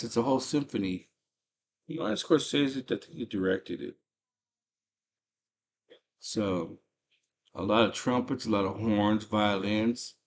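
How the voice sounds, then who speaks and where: Host, male, low-pitched voice, casual slangy movie recap, excited storyteller. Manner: animated, slangy storytelling with frequent fillers.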